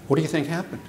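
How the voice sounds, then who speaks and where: An older man giving a lecture, animated, asking the audience questions and repeating himself for emphasis. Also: fairly high pitch, echoey room, a little hiss or hum. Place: lecture hall.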